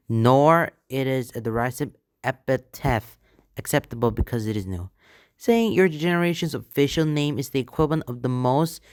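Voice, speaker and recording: Smooth-voiced man reading and reacting. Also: medium pitch, no room sound, studio quality. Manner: reads posts in an earnest tone, then reacts loosely with restarts. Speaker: channel host reading and reacting to online posts. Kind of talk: reading posts aloud with casual commentary.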